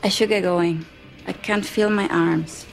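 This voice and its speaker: A woman's voice: medium pitch, fairly even intonation, a little slow, vocal fry, faint music behind. A woman in a sitcom, talking in a breathless, wry way. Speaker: sitcom character. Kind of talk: sitcom acting.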